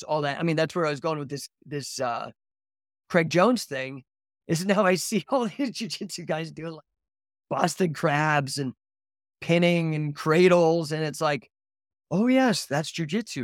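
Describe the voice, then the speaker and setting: Male podcast host, casual and excitable, rambling slangy delivery, dry close sound. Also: high-pitched, no echo. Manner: excitable, rambling, says "dude" and "man" a lot. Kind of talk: casual livestream chat.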